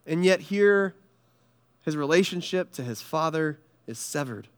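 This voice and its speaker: A man preaching a sermon in an earnest style, pausing often and dropping soft and low on heavy lines. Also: animated, smooth. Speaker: pastor.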